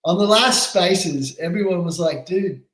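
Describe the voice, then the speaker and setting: An American man, a company head, talking with energy and fire as a guest in a casual podcast chat. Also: sits high. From United States. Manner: energetic, fiery, fast-talking. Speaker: exchange CEO guest. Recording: roomy echo.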